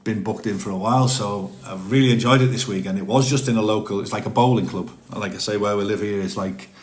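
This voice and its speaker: A man's voice: fairly low pitch, steady tone, fast, reverberant. A man chatting casually on a live stream from his home, rambling and self-deprecating.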